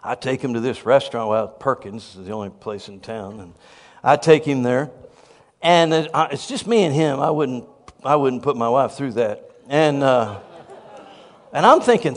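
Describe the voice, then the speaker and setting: A man who pastors a church, telling a story in a sermon with animated, self-deprecating humor. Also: medium pitch, normal speed, long reverb tail.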